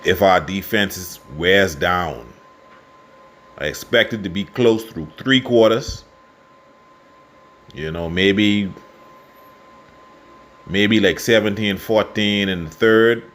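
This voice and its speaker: A Bahamian man giving casual football commentary and predictions, passionate and quick to get worked up. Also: sits low. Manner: passionate, gets worked up and loud. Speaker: sports fan vlogger.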